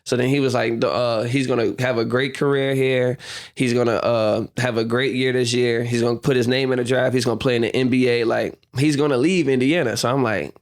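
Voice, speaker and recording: A man's voice: mid-range voice, brisk. A young man telling stories as a guest on a podcast interview, laughing often and acting out what people said. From United States. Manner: animated storyteller, acts out quotes, laughs often. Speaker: guest, professional basketball player. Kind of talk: casual storytelling interview.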